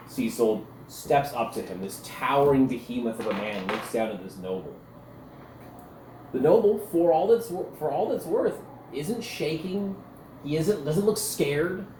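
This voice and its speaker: A man's voice: medium pitch, big pitch swings, unhurried, warm tone. A man running a tabletop game, narrating the scene in a vivid, loose storytelling way. His voice sits in a middle range. The recording is roomy, with a faint ambient hum behind. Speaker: game master.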